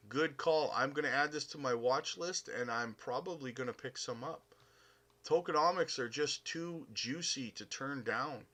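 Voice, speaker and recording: A Canadian man talks loosely through a live stream, reading chat and calling everyone buddy. His voice sits at an ordinary pitch but has a bright edge, and he fills gaps with plenty of uhs and ums. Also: normal speed. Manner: upbeat, chummy, calls viewers buddy, many uh fillers. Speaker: crypto live stream host.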